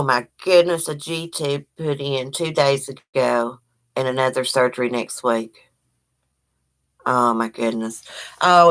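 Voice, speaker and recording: Middle-aged woman, deep-ish voice, chatty livestream host who rambles and shouts out viewers. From Virginia, US. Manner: chatty, greets viewers by name, warm and rambling. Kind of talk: casual live-chat morning talk.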